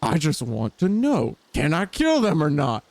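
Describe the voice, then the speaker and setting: A man reading as a gruff, scornful killer. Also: fairly high pitch, huge pitch swings, normal speed, a little mellow, dry recording.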